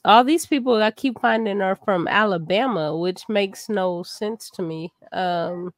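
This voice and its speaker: Relaxed chatty woman. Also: medium pitch, a little slow, no room sound, clean studio sound. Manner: relaxed and chatty, laughs easily. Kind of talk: casual conversation.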